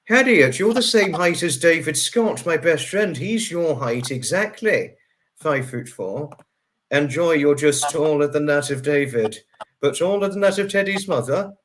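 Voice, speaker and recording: A man's voice: fairly high pitch, expressive, measured pace, fairly bright tone, a little hiss or hum. A man hosting a casual livestream, chatting with a guest and reading out viewer comments. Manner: chatty, repeats phrases, talks to chat viewers. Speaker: livestream host. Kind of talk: casual chat.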